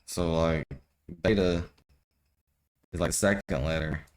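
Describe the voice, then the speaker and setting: A young man with a deep voice and fairly even intonation reads an old scripture aloud, stumbling over the archaic wording. He keeps breaking off to riff in loose, profane slang. The recording quality is low.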